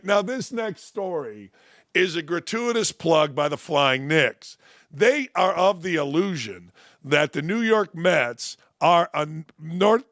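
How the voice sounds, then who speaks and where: An older man hosts a sports talk show, talking straight into a close studio mic. His voice sits a touch high for a man and carries a gravelly, creaky edge. He drifts between dry sarcasm and mock outrage, and the sound is dry and close. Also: no echo. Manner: sarcastic, mocking, animated with voiced asides. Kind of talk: opinionated talk monologue.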